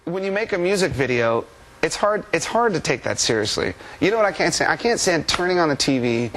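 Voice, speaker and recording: A man's voice: fairly high pitch, sing-song, fairly quick. A man in an interview, ranting and mocking other singers with impressions. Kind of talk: casual interview talk. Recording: loud noisy recording.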